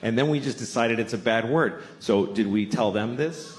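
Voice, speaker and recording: A man from Boston performing a profane stand-up comedy set on stage, ranting with loud shouted bits. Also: medium pitch, normal speed. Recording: echoey room with audience laughter.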